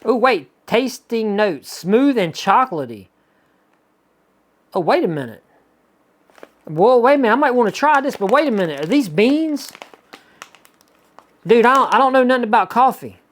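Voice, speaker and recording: A man with a Southern US accent hosting a casual unboxing vlog, chatty and excitable, rambling with lots of asides. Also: sits high. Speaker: YouTuber reviewing subscription boxes.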